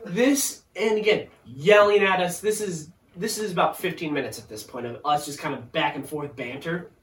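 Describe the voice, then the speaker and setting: A man in casual chat, telling an animated story about work, acting out quotes and laughing often. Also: fairly high pitch, normal speed. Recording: roomy echo, far from the mic, faint noise.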